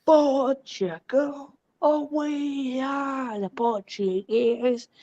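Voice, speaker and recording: A woman's voice: high voice, fairly even intonation, drawn-out words, warm tone. A woman co-hosting a football watchalong, playful, chanting and heckling in casual chat. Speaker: co-host. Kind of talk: casual live commentary chat. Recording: muffled lo-fi mic.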